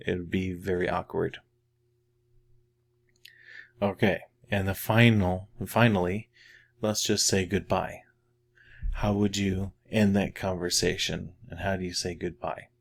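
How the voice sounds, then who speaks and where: A middle-aged man teaching a French lesson, patiently repeating each phrase slowly and more loudly so learners can practice. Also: low voice, gravelly. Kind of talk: slow spoken language lesson.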